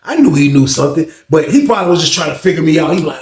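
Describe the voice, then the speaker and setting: Gravelly man telling a story, echoey room. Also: a little high, racing, crowd noise. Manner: animated, slangy, acts out quotes in raised voices. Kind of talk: casual storytime monologue.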